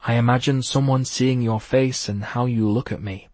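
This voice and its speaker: A man's voice: mid-range voice, fairly even intonation, moderate pace, a little mellow, no echo, close to an everyday voice. A man reading an audiobook, voicing a playful, slightly nervous young woman in a light, teasing way. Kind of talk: audiobook character voice.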